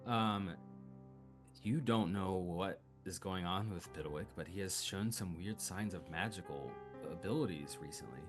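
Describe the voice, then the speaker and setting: A young man narrating a tabletop game as game master, slow and hesitant with many fillers. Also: deep voice, over music.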